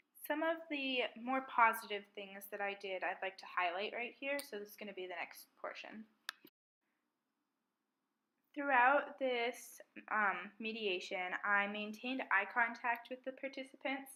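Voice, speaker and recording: A young woman, a student mediator, calmly talking through a self-reflection on a mediation exercise in a measured, methodical way. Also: on the high side, poor audio.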